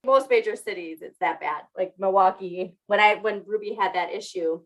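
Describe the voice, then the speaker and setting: A young adult woman co-hosts a podcast, chatting casually, laughing often and poking fun at herself. Her voice is mid-range at a normal speed, and the recording quality is low.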